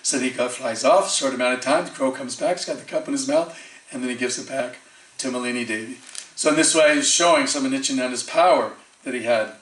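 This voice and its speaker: A preacher with a brisk, mid-range voice delivers a lively storytelling sermon, voicing the people in his tale and chuckling often. It sounds recorded from a distance in an echoey temple hall.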